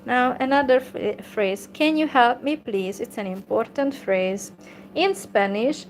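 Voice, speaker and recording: Slow, careful woman teaching phrases. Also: a little high, slight background noise. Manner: slow and careful, repeats phrases, many fillers. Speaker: language teacher. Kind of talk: slow informal language lesson.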